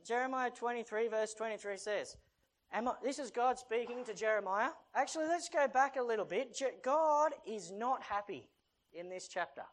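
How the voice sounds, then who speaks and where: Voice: medium pitch, normal speed. A preacher giving a casual, joking sermon and reading from the Bible, chatty and playful with the audience. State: short of breath.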